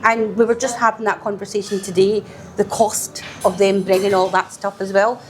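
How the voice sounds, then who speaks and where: A Scottish woman hosting a podcast, chatting casually, animated, laughing often and echoing her guest's words. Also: mid-range voice, normal speed, faint music behind. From Scotland. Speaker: podcast host. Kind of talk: casual chat.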